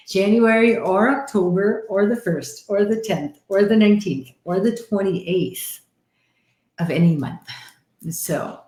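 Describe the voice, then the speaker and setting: A woman from Canada, a psychic medium hosting a live-stream card reading, chatty and animated, with frequent laughter. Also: mid-range voice, unhurried, echoey room.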